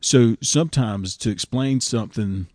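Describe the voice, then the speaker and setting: A man's voice: mid-range voice, normal speed, a little mellow, dry recording, studio quality. A man, a pastor chatting casually in a discussion, telling stories in a folksy way and often repeating words as he starts a thought.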